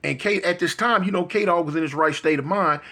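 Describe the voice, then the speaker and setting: A man's voice: on the high side, a little fast, pushed and bright. A man telling a story in a loose, conversational way, often checking in with the listener. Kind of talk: casual street storytelling.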